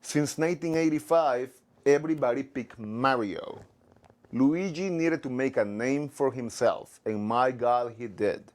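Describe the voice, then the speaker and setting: A man talking about his life as a comedian, then doing a stand-up set, with frequent restarts and fillers. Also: mid-range voice. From Latino background. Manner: halting, many restarts and fillers. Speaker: comedian guest. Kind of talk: casual chat and stand-up set.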